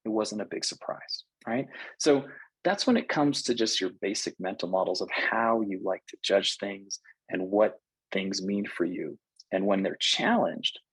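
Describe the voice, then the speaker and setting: A man giving a webinar talk on culture at work, lively and animated, acting out quoted reactions now and then. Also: lowish voice, husky, no room sound, poor audio. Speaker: cultural intelligence speaker.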